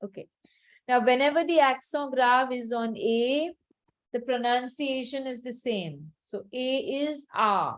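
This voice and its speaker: A woman's voice: sits high, unhurried, rough recording. A woman teaching a French class online over a video call, patiently repeating each word for her students to drill.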